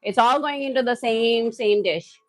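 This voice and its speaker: A woman hosting a live cooking stream from her home kitchen, excitable and loud, often laughing at herself as she chats with viewers. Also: fairly high pitch, unhurried, no echo.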